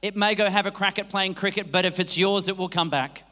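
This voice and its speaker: A man hosting an awards night as master of ceremonies, cracking quick jokes and bantering with the crowd. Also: high-pitched, fairly even intonation, pushed and bright. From Australia. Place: large hall. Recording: long hall reverb.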